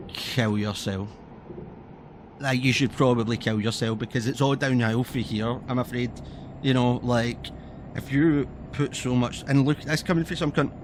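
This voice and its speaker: A man's voice: medium pitch, fairly even intonation, normal speed, noisy background. A man from Scotland with a Scottish accent, ranting in a casual, heated and sweary way as he streams a game. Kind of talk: casual ranting commentary while playing.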